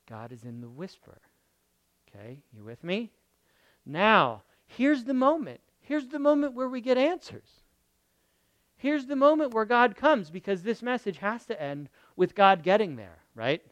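A man preaching a sermon in a lively, conversational way, reading scripture aloud and asking the congregation rhetorical questions. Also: high-pitched, unhurried, no room sound, lo-fi sound. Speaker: pastor.

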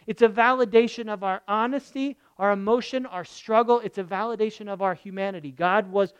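Pastor mid-sermon; emphatic, repeats key phrases, swings loud to hushed; dry sound. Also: medium pitch, brisk, smooth, no echo, lo-fi sound. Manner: emphatic, swinging between loud bursts and soft murmurs.

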